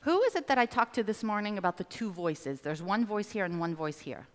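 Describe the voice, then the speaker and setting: A woman business coach giving a motivational seminar talk, animated and addressing the audience directly. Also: mid-range voice, brisk. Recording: reverberant hall.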